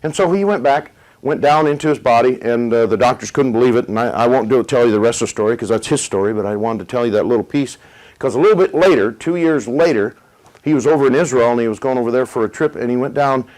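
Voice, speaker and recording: A middle-aged male preacher telling a testimony in a sermon. He paces the story with dramatic pauses, then pushes his voice up for emphasis. His pitch sits in an ordinary middle range for a man. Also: a little mellow, low-quality recording.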